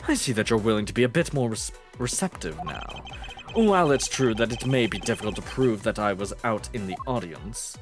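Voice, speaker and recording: Haughty aging ambassador, low and condescending, put on by a man. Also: animated, fairly quick, over music, natural voice. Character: pompous older male ambassador, smug.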